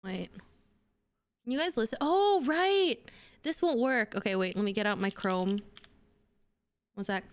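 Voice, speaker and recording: Bubbly young woman streamer, smooth voice. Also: on the high side, lively intonation, normal speed. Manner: bubbly, gushing, filler-heavy. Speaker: livestreamer. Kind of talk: casual stream chat with viewers.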